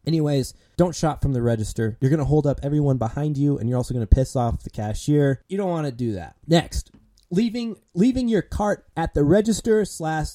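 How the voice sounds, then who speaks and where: A man's voice: a little high, animated, a little fast, dark tone. A young man ranting casually about his job as a grocery cashier, swearing often and sounding exasperated. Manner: profane, exasperated, lots of fillers.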